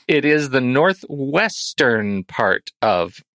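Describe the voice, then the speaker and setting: A man's voice: medium pitch, very animated, slow, a bit bright, no echo. A man co-hosting a film podcast in casual banter, musing and hedging, now and then playfully exasperated with his partner. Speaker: podcast co-host.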